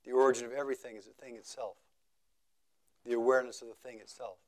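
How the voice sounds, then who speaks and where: A male meditation teacher speaking in a contemplative, unhurried way. He repeats phrases for emphasis, and his voice often sinks to near quiet at the end of a thought. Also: mid-range voice, little pitch movement. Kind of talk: contemplative dharma talk.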